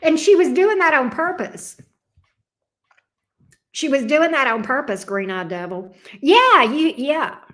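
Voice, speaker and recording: A woman's voice: high voice, sing-song, measured pace, pauses often, fairly bright tone. Blunt, profane woman chatting on a livestream. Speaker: tarot reader and livestream host. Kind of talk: casual livestream chat reading viewer comments.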